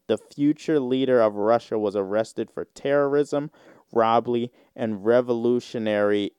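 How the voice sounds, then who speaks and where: A man's voice: on the low side, darkish tone, clear, resonant tone, no room sound, clean studio sound. A man hosting a solo podcast, rambling in casual slang with lots of fillers. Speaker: podcast host.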